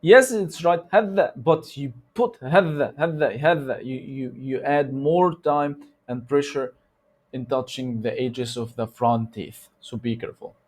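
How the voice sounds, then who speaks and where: A man with an Egyptian Arabic accent, a native Arabic speaker, teaching a recitation lesson in loose conversational English and slowly repeating sounds to demonstrate them. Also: mid-range voice, a little mellow. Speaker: tajweed teacher. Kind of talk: instructional lesson.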